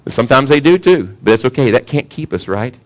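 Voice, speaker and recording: A pastor preaching a sermon in a casual, conversational way, often asking the congregation questions. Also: male voice, medium pitch, expressive, fast talker. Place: church sanctuary.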